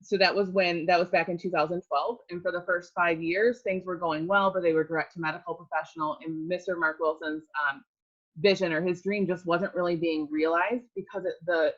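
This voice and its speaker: Woman, low voice, earnest testimonial, filler-heavy, slightly muffled recording. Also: steady tone, fairly quick. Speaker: network marketing distributor. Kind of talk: personal testimonial.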